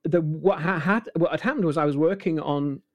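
A man in his sixties, an impressionist, telling anecdotes in a relaxed, rambling interview with many restarts. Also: fairly high pitch, brisk, no room sound, lo-fi sound. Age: 60s. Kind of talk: casual interview chat.

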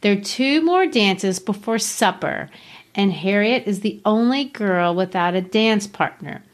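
A woman's voice: medium pitch, animated, measured pace. Enthusiastic female book podcast host. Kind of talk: book discussion and narration.

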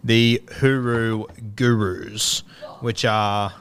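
A man's voice: lowish voice, steady tone, drawn-out words, a bit bright. A young Australian man co-hosting a podcast, chatting loosely, joking and swearing freely. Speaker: podcast co-host. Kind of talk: casual podcast banter.

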